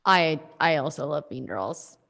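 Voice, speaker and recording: A woman's voice: low-pitched, animated, unhurried, fairly bright tone. Playful woman co-host in a reverberant room. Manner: playful, giggly. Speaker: podcast co-host. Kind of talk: casual podcast chat.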